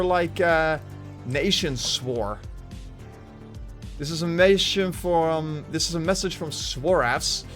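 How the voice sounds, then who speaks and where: Rambling male streamer, slightly high voice. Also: a bit bright. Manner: rambling, many fillers and restarts. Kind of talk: casual Minecraft livestream commentary. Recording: faint music behind.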